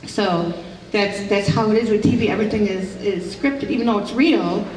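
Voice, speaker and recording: Recorded from afar in a roomy expo hall, a middle-aged woman from rural upstate New York, a psychic medium, rambles casually with many fillers and restarts. Her medium-pitched voice is a little mellow at a moderate pace, with a bit of hiss or hum.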